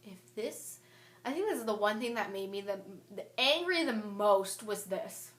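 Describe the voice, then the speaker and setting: Young woman, storytime vlog, indignant, mid pitch, echoey room. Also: normal speed. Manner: animated and indignant, quoting texts aloud. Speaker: vlogger.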